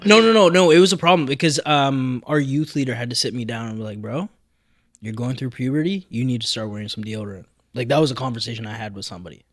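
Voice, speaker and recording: A man trades quick, joking retorts in a casual podcast chat, his voice sitting in a middle pitch. The recording is dry and close. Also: no echo. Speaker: podcast co-host.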